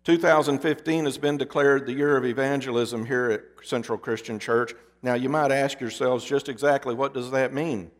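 A man's voice: mid-range voice, fairly even intonation. Man preaching in a reverberant church. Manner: swings from loud emphasis to hushed, dramatic pauses. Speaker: pastor. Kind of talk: sermon. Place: church sanctuary. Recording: long reverb of a church hall.

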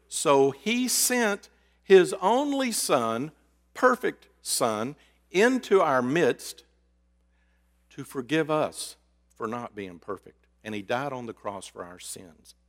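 A man preaching a sermon, swinging between loud emphasis and hushed, drawn-out words. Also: medium pitch, big pitch swings. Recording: reverberant hall.

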